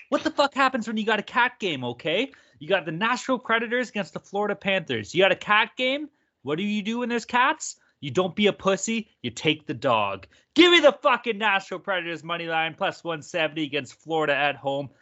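Brash host, man, bright and animated, swears freely, dull lo-fi sound. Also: fairly high pitch. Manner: brash, profane, hyped-up. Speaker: podcast host. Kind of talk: sports betting podcast chat. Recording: dull lo-fi audio.

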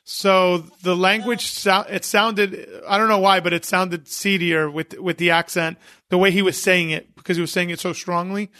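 A man, an event promoter, telling lively stories as a guest on a podcast and acting out what people said. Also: high-pitched, moderate pace, no room sound, clean studio sound. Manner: animated anecdote-teller who acts out quotes. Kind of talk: casual interview storytelling.

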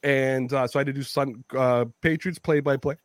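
A Canadian man telling profane, animated stories while hosting a casual chat. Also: medium pitch, normal speed, no echo. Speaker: podcast host.

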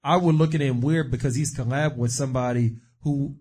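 Husky-voiced man in casual chat. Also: medium pitch, fairly even intonation, a little fast, darkish tone. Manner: rambling, digresses with fillers. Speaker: podcast co-host.

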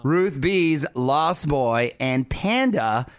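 A man's voice: fairly high pitch, lively intonation, very slow, clear, resonant tone, no room sound. A man hosting a radio show in a casual, upbeat, chatty way.

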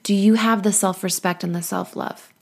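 A woman's voice: mid-range voice, steady tone, normal speed, vocal fry, darkish tone, husky. Woman, 30s, life coach podcast host; earnest, encouraging, playful asides. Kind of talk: motivational podcast monologue.

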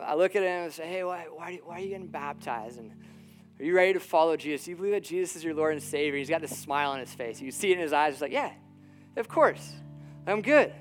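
A man preaching a sermon to a church crowd, telling stories with lots of restarts and quick laughs. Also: a little high, clean tone. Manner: animated storytelling, many restarts, laughs between lines. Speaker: pastor. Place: church hall with an audience. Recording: faint guitar music behind the voice. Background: soft guitar.

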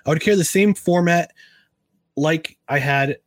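A man hosts a casual talk show, rambling and chatty, often restarting his sentences. His voice sits a little high for a man. It is recorded dry and close, with no room sound. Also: moderate pace, no echo. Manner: chatty, drinks a beer while talking. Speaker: podcast host.

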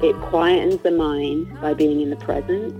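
A woman guest speaking thoughtfully about her work, often pausing to search for words. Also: deep voice, steady tone, warm tone, lo-fi sound, soft background music. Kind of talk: reflective conversation.

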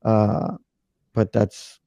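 A man chatting casually as a panelist, measured and thinking aloud as he talks. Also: lowish voice, completely flat delivery, creaky, dark tone, no room sound, studio quality.

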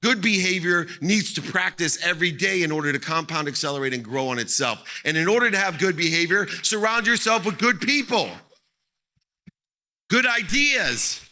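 A middle-aged man delivers a motivational keynote from a stage, his voice bright and forceful. He drives his points home emphatically, circling back on key phrases to hammer them in. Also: high voice, animated, normal speed. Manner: emphatic, repeats phrases for effect. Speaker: motivational speaker. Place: on stage at an event.

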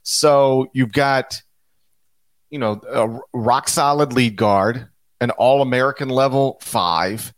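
A man in the middle of the usual pitch range talks through a basketball podcast in an easy, chatty way. He restarts his thoughts and piles on quick asides as he builds his case. The sound is dry and close, with no room around it. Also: no echo. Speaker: podcast co-host, basketball analyst. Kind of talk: casual podcast chat.

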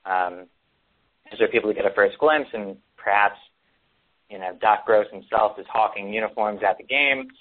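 Through a tinny, phone-like recording, a man co-hosting a laid-back sports talk show rambles, full of ums and false starts. His pitch is fairly low and his pace moderate.

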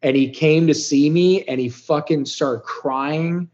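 A man's voice: a little high, takes it slowly. Middle-aged male podcast guest, blunt, profane storyteller, dull muffled recording. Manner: blunt, profane and animated, swings loud and soft. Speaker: podcast guest, business founder. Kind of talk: candid storytelling.

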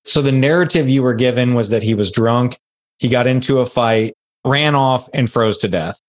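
A man's voice: medium pitch, normal speed. A man hosting a true-crime podcast interview, summarizing the guest's account and prompting her to go on.

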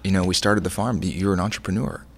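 Middle-aged male chef guest, deep gravelly voice, chatty and meandering in conversation. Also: fast. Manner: rambling, many restarts, animated storytelling. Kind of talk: casual interview conversation.

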